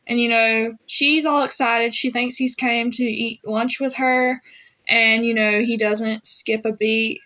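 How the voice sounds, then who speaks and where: A woman with a slightly high voice talks through a TV episode in a loose, chatty way. She leans on fillers and retells the characters' lines in her own words, like a fan reviewing it for her channel. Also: fairly even intonation, takes it slowly, bright, forceful tone. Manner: chatty, many fillers, paraphrases lines in quotes. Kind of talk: casual episode recap.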